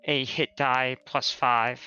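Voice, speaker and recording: Bright-voiced man player, lo-fi sound. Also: mid-range voice, level tone, slow pace, clear, resonant tone, no room sound, faint music behind. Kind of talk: tabletop game play.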